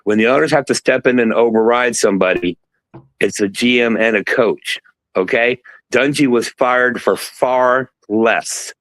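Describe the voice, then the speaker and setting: A man's voice: mid-range voice, unhurried, a bit bright, poor audio. A man hosting a sports livestream, delivering a furious, profane and confrontational rant. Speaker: sports show host.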